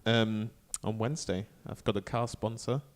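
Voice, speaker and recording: A man's voice: on the low side, fairly even intonation, moderate pace. A young man co-hosting a podcast, answering dryly and briefly. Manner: brief dry replies. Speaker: podcast co-host. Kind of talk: casual chat.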